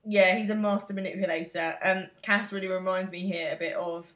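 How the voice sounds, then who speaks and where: Bright-voiced English woman chatting. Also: lowish voice, brisk, echoey room. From England. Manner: chatty, opinionated, animated asides. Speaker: podcast co-host. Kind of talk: casual chat recapping a show.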